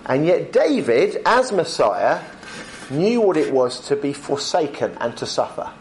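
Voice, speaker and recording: A man giving a lunchtime Bible talk as a preacher, conversational with frequent ums, slowing down to stress key points. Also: on the high side, big pitch swings, slight background noise.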